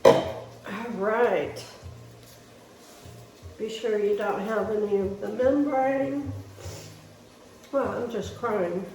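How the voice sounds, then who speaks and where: A woman's voice: mid-range voice, very slow, long pauses, music in the background. A woman, chatting to viewers as she demonstrates a recipe in her kitchen. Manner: chatty, folksy, talks to viewers while chopping. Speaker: home cook demonstrating a recipe. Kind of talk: casual cooking demonstration. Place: home kitchen. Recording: roomy kitchen, mic at a distance, faint noise.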